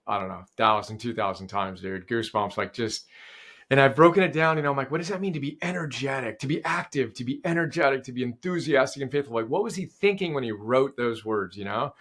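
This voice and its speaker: A middle-aged man as a podcast guest in casual conversation, animated and enthusiastic, often quoting sayings. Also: medium pitch.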